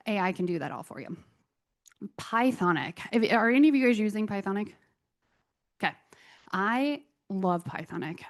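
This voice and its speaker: A woman presenting a conference talk on software tools, chatty and enthusiastic with self-deprecating asides. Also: mid-range voice.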